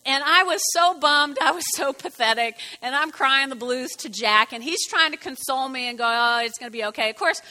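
A woman preaching a sermon, playful and animated, repeating her points for emphasis. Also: high-pitched, normal speed, few pauses, long reverb tail.

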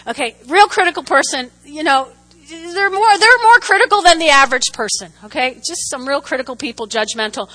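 Bright high-voiced woman preaching a lively sermon. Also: rough recording. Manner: animated, humorous storytelling with audience call-and-response.

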